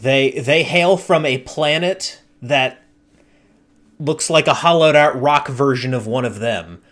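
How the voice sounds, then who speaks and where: Slow-talking man telling game stories. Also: medium pitch, a bit bright. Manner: slow, deliberate storytelling. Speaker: podcast host and game master. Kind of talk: casual chat.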